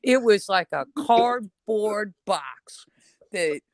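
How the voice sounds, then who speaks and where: A man's voice: sits high, lively intonation, extremely slow, no echo. An older man from New York, a retired guest telling stories in a casual, chatty way and swearing now and then. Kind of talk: casual chat.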